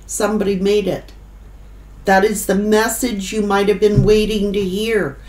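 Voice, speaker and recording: A woman giving a tarot reading, emotional and choking up, pausing to collect herself. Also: mid-range voice, little pitch movement, darkish tone, reverberant, rough recording. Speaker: tarot reader.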